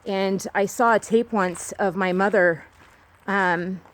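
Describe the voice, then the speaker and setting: A woman's voice: mid-range voice, steady tone, slow pace. A woman vlogging outdoors on a walk, talking earnestly and rambling with many restarts. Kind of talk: candid personal monologue.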